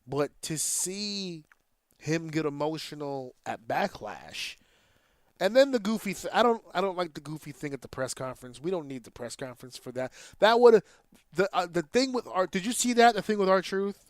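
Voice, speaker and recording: A man's voice: high voice, very animated, moderate pace, no room sound. A man hosting a casual podcast, talking in an opinionated, rambling way and swearing freely. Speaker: podcast host.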